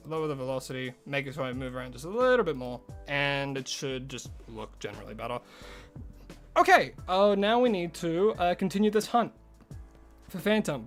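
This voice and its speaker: A man live-streaming a game, chatting casually with viewers, greeting them by name and rambling about his setup. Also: medium pitch. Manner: chatty, greets chat by name, loose asides. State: recovering from a headache.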